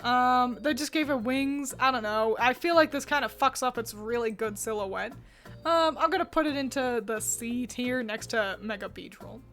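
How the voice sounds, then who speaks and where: A woman's voice: a little high, normal speed, a bit bright, faint music behind. A woman hosting a video, giving chatty, opinionated commentary with frequent filler words. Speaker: video host ranking designs.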